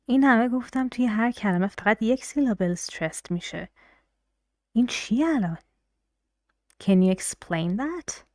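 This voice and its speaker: A woman's voice: mid-range voice, a little mellow, no echo. Female teacher, first language Persian, patient explainer, dry close mic. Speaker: English teacher. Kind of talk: classroom explanation.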